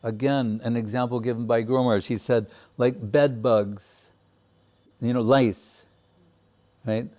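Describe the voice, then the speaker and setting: A man giving a measured, reflective devotional talk with many pauses. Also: medium pitch, steady tone, a little mellow. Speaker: spiritual teacher. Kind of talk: devotional discourse.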